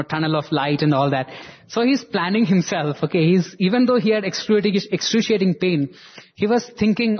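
Male storyteller, husky, fairly high voice, animated delivery, dull lo-fi recording. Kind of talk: devotional storytelling.

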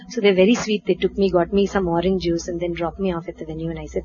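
A woman from India, telling a personal anecdote in a lively way, acting out dialogue and laughing at herself. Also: lowish voice, quick pace, hardly any pauses, dull audio, slight background noise. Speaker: storyteller. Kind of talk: personal anecdote told to an audience.

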